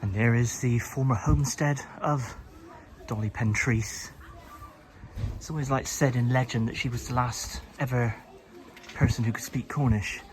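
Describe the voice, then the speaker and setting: A male vlogger wanders a busy seaside village after dark, narrating into a handheld camera. His pitch sits in a middle range for a man, and his talk is chatty and rambling, full of repeated words and false starts. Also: fairly even intonation, normal speed, a little hiss or hum. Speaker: vlogger, host. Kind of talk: casual walking vlog commentary.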